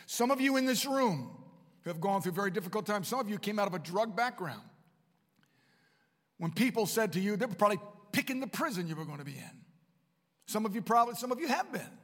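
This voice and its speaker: A man with a high voice preaches to students at a Bible college. His sermon swings from hushed, reflective lines to emphatic declarations. A long hall reverb trails every phrase. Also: big pitch swings, a little fast. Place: large room at a Bible college.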